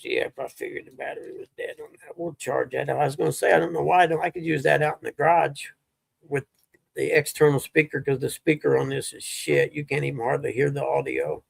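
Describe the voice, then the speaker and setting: Gravelly laid-back man. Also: mid-range voice, no echo. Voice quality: gravelly, husky. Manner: rambling, laid-back storytelling. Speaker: livestream host. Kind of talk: casual chat.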